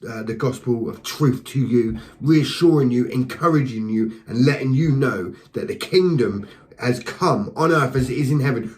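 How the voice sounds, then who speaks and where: A man's voice: medium pitch, moderate pace, darkish tone, poor audio. Male preacher, mid-range voice, fervent and passionate, speaks to camera with stumbling repetitions. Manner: passionate, fervent, repeats words and restarts; speaks to the listener directly with encouragement. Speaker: lay preacher. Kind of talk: impassioned spoken testimony.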